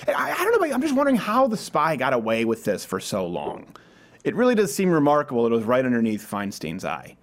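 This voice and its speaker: Lively, high-voiced comedy show host. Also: male voice. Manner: quick, joking, breaks into laughter. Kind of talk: comedic political talk show.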